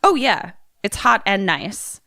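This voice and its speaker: A young woman co-hosting a comedy podcast, chatting casually with excitable, jokey swearing. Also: mid-range voice, slow, no room sound, studio quality. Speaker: podcast co-host.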